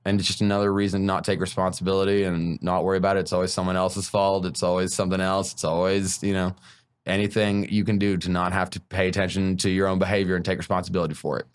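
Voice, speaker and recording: A man's voice: low voice, little pitch movement, fast talker, clean tone. A man, a stand-up comedian, talking frankly and bluntly in a casual podcast conversation, swearing freely.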